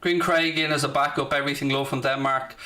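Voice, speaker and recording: A man's voice: medium pitch, steady tone, fast talker, pushed and bright. A man from South Dublin with a Dublin Irish accent, chatting casually and sarcastically as a football watchalong streamer, swearing freely in brash banter. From Ireland (South Dublin). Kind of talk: casual live-stream chat.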